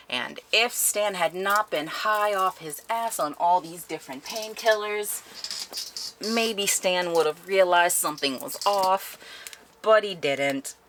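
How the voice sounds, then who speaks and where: A young woman with a deep, slightly bright voice chats animatedly through a casual spoken book review, laughing often as she retells the plot. The recording has a little hiss or hum.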